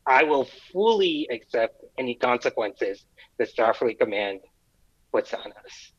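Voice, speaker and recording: Slow, deliberate man in a tabletop game. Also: mid-range voice, sing-song, slightly rough, muffled recording. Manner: deliberate, hesitant with fillers. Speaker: player. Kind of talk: in-character play in a tabletop game.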